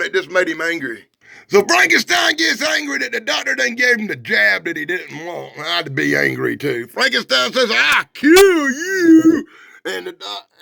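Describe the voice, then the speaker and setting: A man reviewing an old comic book in a loud, mocking, excitable way, swinging between shouts and mutters. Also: high-pitched, gravelly, no echo, studio quality. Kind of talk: casual, rowdy comic review.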